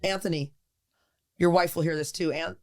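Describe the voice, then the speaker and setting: A woman's voice: sits low, moderate pace. Emphatic woman acting out examples. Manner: emphatic, acts out quoted lines, lively. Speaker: podcast co-host. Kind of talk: animated recovery talk. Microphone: studio podcast mic.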